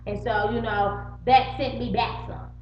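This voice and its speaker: Soft music plays under a middle-aged woman vlogger whose voice is a little high and fairly even in intonation, and who speaks without hurrying. Looking into the camera, she recounts a story, swears freely and voices both sides of the dispute. The recording, made at home, sounds roomy and muffled with a faint hum.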